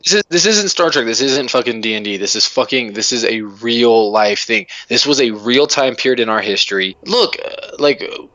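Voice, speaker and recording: A man's voice: lowish voice, moderate pace, pushed and bright, dry recording. A man co-hosting a podcast, ranting passionately in casual chat, rambling with frequent restarts and swearing. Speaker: podcast co-host. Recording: dull lo-fi podcast audio.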